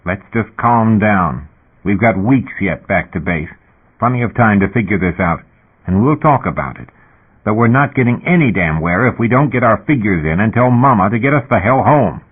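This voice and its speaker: A man voicing a calm, careful male ship owner who talks in a measured, reasoning way. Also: medium pitch, slightly rough, full character voice. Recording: tinny phone-like audio.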